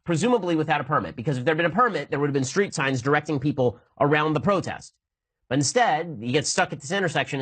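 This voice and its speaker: A man in his thirties hosting a political commentary show, arguing in a rapid-fire, emphatic way while answering listener mail. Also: a little high, a bit bright, breathy edge, low-quality recording. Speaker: podcast host.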